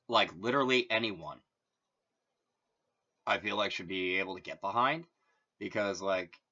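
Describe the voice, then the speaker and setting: Deep-voiced man rambling casually. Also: pushed and bright, lo-fi sound. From Massachusetts, US. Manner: rambling, heavy use of "like". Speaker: channel host. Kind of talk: casual explanatory monologue.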